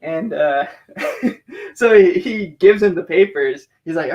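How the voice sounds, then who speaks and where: An American man telling a casual story as a podcast guest, animated, laughing often and swearing freely, with lots of filler words. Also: sits high, takes it slowly, lo-fi sound. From United States.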